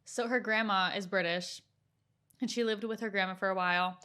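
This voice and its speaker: A woman's voice: mid-range voice, steady tone, a little fast, bright, forceful tone, clear, resonant tone. A young American woman co-hosting a casual podcast chat, full of "like" fillers and easy laughter. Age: young adult. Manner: chatty, lots of "like" fillers, laughs as she talks. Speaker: podcast co-host, daughter.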